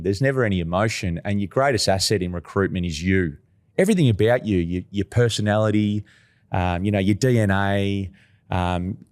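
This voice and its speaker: A middle-aged Australian man, a recruitment agency founder, telling animated stories as a podcast guest, slowing down to stress key points. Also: fairly low pitch. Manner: animated storyteller, emphatic, slows down for key points. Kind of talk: podcast interview.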